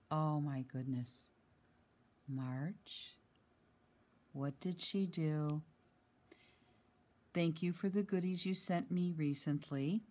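A woman vlogging from home, chatty and excited as she talks through a package she received, with many fillers. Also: low-pitched. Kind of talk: casual chat, showing a mail package.

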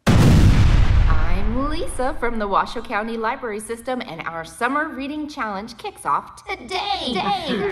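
A woman from the library hosting, in a bubbly, exaggerated mock infomercial pitch. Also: heavy background noise. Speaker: library staff host.

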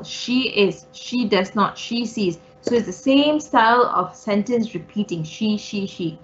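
A woman's voice: a little high, lively intonation, a little slow, hardly any pauses, dull audio. A woman teacher giving an online English writing revision lesson, explaining each point patiently and step by step with many okays and all rights. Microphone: online class audio.

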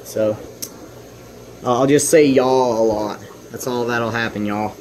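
A young man from the Southern US with a Texan accent, giving a rambling, halting update about his fish at home and often restarting his sentences. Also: mid-range voice, slight background noise, rough recording. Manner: coos at his fish in a raised voice. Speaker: fish-keeping vlogger.

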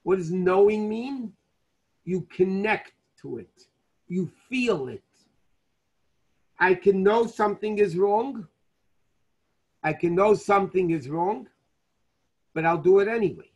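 Rabbi teaching with rhetorical questions. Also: male voice, sits high, animated, slow, long pauses, husky. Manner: asks and answers his own questions; mixes Hebrew and Yiddish terms into English. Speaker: rabbi teaching a Torah class. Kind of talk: Torah class lecture. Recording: dull lo-fi lecture recording.

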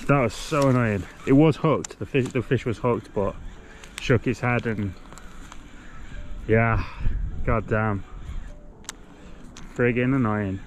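Young male vlogger, laid-back and unhurried, mid-pitched, talks to himself while outdoors. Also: slight background noise. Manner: laid-back, swears mildly, mutters to himself. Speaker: fishing vlogger. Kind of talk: casual vlog commentary. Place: outdoors on a canal bank.

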